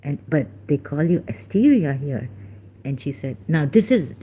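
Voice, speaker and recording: A woman's voice: low voice, lively intonation, moderate pace, warm tone, breathy edge. A woman, rambling through a personal story in a meandering, self-interrupting way and mimicking how people pronounce words. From Pakistan. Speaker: vlogger.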